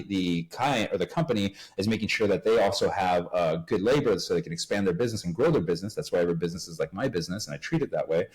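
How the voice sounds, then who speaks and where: A Uruguayan man appearing as a podcast guest speaks in a fairly low voice. He tells his story casually and with lots of energy, performing other people's lines along the way, on a rough recording.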